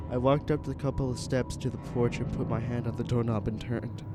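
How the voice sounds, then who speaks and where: A man narrating a first-person horror story in an earnest, halting way, with small restarts. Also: mid-range voice, level tone. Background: music.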